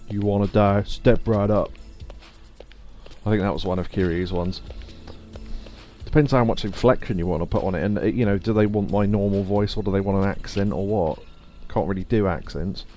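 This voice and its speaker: A man chatting casually through a live game stream, joking and laughing, his voice a bit rough from a sore throat. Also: deep voice, fairly quick, mellow. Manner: chatty, laughs often, wry asides. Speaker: gaming streamer. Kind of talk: casual live gameplay commentary. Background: faint game music.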